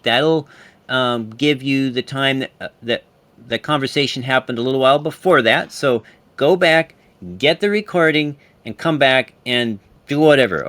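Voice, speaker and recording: A man argues his side on an online voice call, defensive and tripping over his own restarts. His voice is sharp and bright. The sound is dry and close, with no room around it. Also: mid-range voice, dry recording. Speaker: debate panelist. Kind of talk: heated online call debate.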